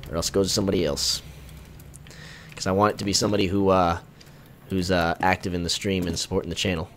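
A young man with a lowish voice talks casually to his viewers on a headset while he plays, rambling between bursts of excited shouting and cursing. A faint hiss sits under his voice. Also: fast. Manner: laid-back and rambling, with sudden excited outbursts and swearing. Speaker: gaming streamer. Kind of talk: casual live-stream chat.

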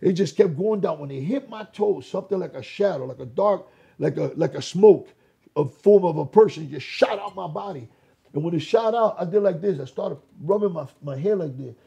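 High, gravelly male storyteller, dark and raspy, lively testimony delivery. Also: fairly quick. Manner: animated, acts out quoted voices. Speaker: interview guest.

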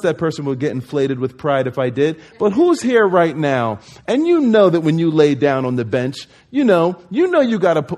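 A pastor from New Jersey preaching a conversational sermon, acting out quoted voices and rising to emphatic peaks. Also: male voice, on the high side, a little mellow.

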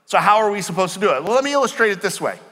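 A man preaching a sermon as pastor, explaining words slowly and asking the congregation questions. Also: sits high, big pitch swings, fairly bright tone. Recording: long hall reverb.

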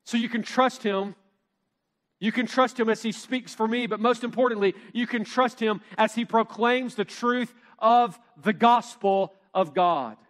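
A man with a notably high voice gives an expository Bible teaching, leaning hard on key phrases and slowing for emphasis. His voice rings out with a long reverb tail, as if in a large hall. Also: fairly bright tone. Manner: emphatic, measured preaching with slowed stressed phrases. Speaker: pastor teaching a Bible study.

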